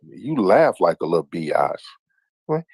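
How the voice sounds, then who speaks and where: A man's voice: sits low, sing-song, a little slow, creaky, darkish tone, no room sound. A man hosting a late-night livestream call-in show, teasing and taunting his callers in a mocking sing-song way. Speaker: livestream host. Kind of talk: casual call-in banter.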